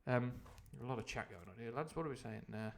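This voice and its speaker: A man's voice: medium pitch, expressive, fast. A man reading a novel aloud on a live stream, who often breaks off into rambling, jokey tangents full of ums and uhs. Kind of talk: live book reading with comic asides.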